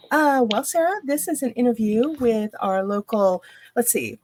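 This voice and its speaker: A woman's voice: medium pitch, measured pace, darkish tone. A woman hosting a casual livestream interview, chatting animatedly and reading viewer comments aloud. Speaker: host.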